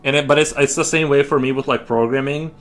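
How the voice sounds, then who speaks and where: A man's voice: mid-range voice, fairly even intonation, fast talker, a bit bright. A man chatting casually on a live stream while he draws, rambling with frequent restarts and fillers. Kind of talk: casual livestream chat. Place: home studio while drawing.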